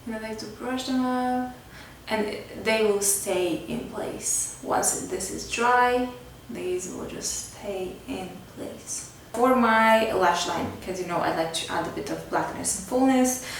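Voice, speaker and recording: A beauty vlogger chats casually through a makeup tutorial in a medium-pitched, expressive voice at a slow pace, her talk full of "like" and "kinda." The room is very echoey, the mic sits at a distance, and there's faint background noise.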